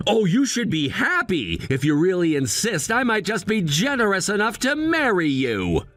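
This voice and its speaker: Man voicing arrogant young fiancé, condescending, sneering, animated pitch, dry close sound. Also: moderate pace, dry recording, faint music behind, exaggerated voice. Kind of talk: voiced drama narration.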